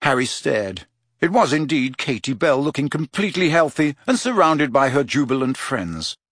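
Brief: male audiobook reader, husky, measured, dry booth sound. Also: mid-range voice, very animated, fairly bright tone, no room sound. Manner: measured storytelling. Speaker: audiobook narrator. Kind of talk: scripted narration.

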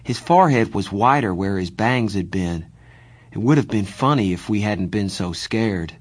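A man narrates a first-person novel as an audiobook in a steady, measured reading. His voice sits low and sounds husky. The recording is close and dry, with no room sound. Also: dry recording.

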